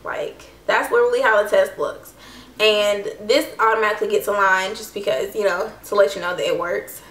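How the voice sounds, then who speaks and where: A woman's voice: mid-range voice, fairly even intonation, fairly quick, fairly bright tone, far from the mic. A young woman telling a personal story to camera in a casual, chatty way, full of "like" and "I don't know". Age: young adult. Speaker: vlogger. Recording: echoey room, voice a bit off-mic.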